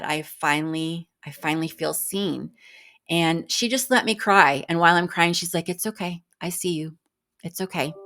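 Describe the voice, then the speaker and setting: A woman in her fifties speaks candidly to her viewers in a personal vlog. Her voice sits low, and she talks in a frank, exasperated, chatty way, restarting sentences and tired out. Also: a bit bright. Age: 50s. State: exhausted. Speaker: vlogger.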